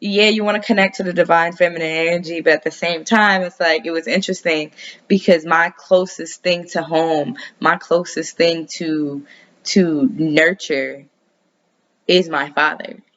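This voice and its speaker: A woman's voice: fairly low pitch, fairly even intonation, measured pace, a bit bright, muffled recording. A woman chatting casually in a loose, rambling way and swearing freely as she talks through her dreams and astrology. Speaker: astrology vlogger. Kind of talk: casual personal chat.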